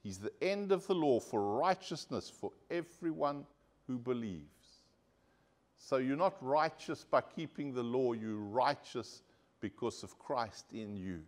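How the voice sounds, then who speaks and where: A man's voice: medium pitch, animated, measured pace. Male pastor, church sermon, earnest preaching, calls for amens.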